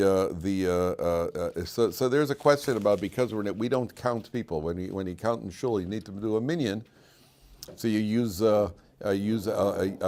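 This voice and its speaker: Older man, low-voiced rabbi at a classroom lesson; meandering, full of restarts, quick with a joke. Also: a little mellow. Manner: rambling, many fillers and restarts, joking storyteller. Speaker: rabbi teaching a weekly class. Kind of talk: informal Torah class with jokes. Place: classroom with students.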